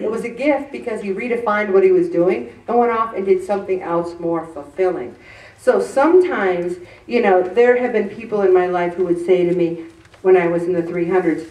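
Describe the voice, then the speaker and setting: A woman's voice: mid-range voice, moderate pace, darkish tone. Woman host, earnest faith-based self-help talk, distant mic in an echoey room. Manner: earnest, conversational, with many restarts.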